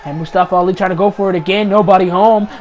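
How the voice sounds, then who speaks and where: A man calling play-by-play wrestling commentary over gameplay, excitable, shouting the big moves and repeating each call. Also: high-pitched, very fast, slight background noise, rough recording. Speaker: YouTube gaming channel host.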